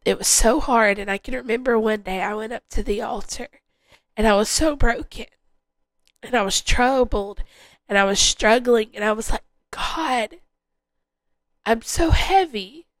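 A woman's voice: a little high, steady tone, moderate pace, no echo, rough recording. A woman hosting a podcast, sharing a heartfelt personal faith testimony in an earnest way and repeating phrases for emphasis. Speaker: podcast host.

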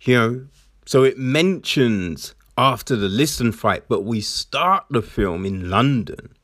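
A man's voice: mid-range voice, expressive, takes it slowly, fairly bright tone, dry recording, clean studio sound. A man giving a casual, rambling film recap with many fillers and restarts. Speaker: film reviewer.

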